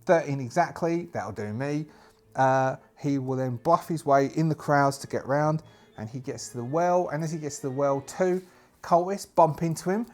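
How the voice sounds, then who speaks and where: A man narrating a solo tabletop game, talking out loud through his dice rolls and the rules in a chatty manner. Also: a little high, normal speed. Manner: chatty, thinks aloud over dice rolls.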